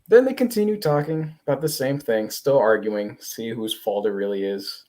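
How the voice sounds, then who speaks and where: Animated man recapping a comic. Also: medium pitch, normal speed, hardly any pauses. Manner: animated, swearing, acts out quotes. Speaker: podcast host.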